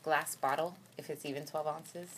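A woman with a low voice chats casually in a car, relaxed and full of filler "likes". Faint background noise runs under her. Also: normal speed. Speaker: guest, host's wife. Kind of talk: casual chat.

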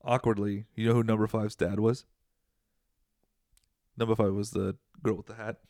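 A man's voice: fairly low pitch, flat delivery, moderate pace, dark tone, dry recording, studio quality. A young man co-hosting a podcast in casual chat, rambling and joking as he jumps from topic to topic. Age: young adult. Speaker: podcast co-host.

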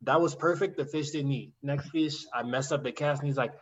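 Man, casual storyteller, mid-pitched voice, slightly dull lo-fi sound. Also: fairly quick, crowd noise. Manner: animated storytelling, acts out quoted voices, swears. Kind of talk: casual chat.

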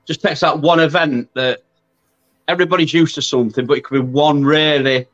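A man's voice: fairly high pitch, fairly even intonation, brisk, fairly bright tone, faint music behind. A man hosts a casual paranormal chat, rambling and tagging his points with questions. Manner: chatty, trailing, asks for agreement with tag questions. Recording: slightly dull, lo-fi sound.

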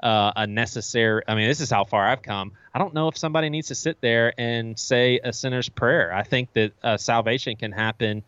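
A man's voice: mid-range voice, a little fast, hardly any pauses, fairly bright tone, clean tone, no echo. Guy telling candid stories in an interview, acts out his old self, kinda dull dry recording. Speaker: guest author. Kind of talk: casual storytelling interview.

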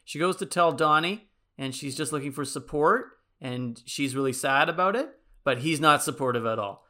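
A man co-hosting a podcast, casually pitching a movie sequel in a rambling way, full of likes and ums. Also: moderate pace, pushed and bright. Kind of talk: casual chat.

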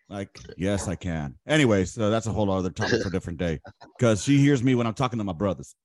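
A man's voice: fairly low pitch, dry recording, studio quality. A man hosting a podcast, chatting casually in a blunt, profane, questioning way. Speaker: podcast host. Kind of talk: casual chat.

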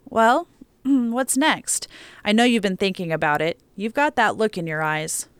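A woman voicing a caring, level-headed woman who speaks gently and reassuringly in an audiobook story. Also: mid-range voice, measured pace, smooth, no room sound, natural voice. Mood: gentle.

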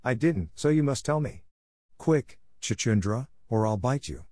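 A man reading a storybook aloud, voicing a bold, scornful young male mongoose with a brisk manner. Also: mid-range voice, expressive, darkish tone, no echo, studio quality, voice pushed up, natural voice. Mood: scornful, impatient.

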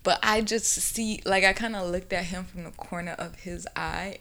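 A woman co-hosting a podcast, telling a story in casual chat, animated and full of "like", sometimes dropping to a whisper. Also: fairly low pitch, moderate pace. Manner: animated, many "like"s, drops to a whisper for asides. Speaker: podcast co-host.

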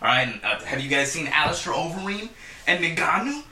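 A man in casual chat with friends, telling a story in an excitable, animated way with lots of swearing. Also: a little high, a little fast, echoey room, distant mic.

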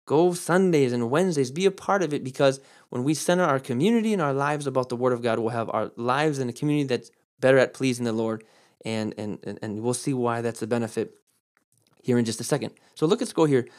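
A man preaching a sermon and explaining Greek words, who repeats key words for stress and switches between slow, drawn-out emphasis and quick asides. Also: mid-range voice, darkish tone. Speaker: pastor. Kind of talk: sermon with Greek word study.

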